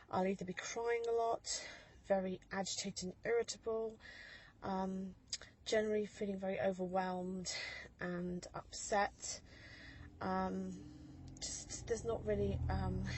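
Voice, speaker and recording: A woman's voice: medium pitch, husky, low-quality recording. A woman in her thirties talks into her phone from a parked car in a casual vlog, chatty and rambling with many ums and laughs. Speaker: mother vlogger.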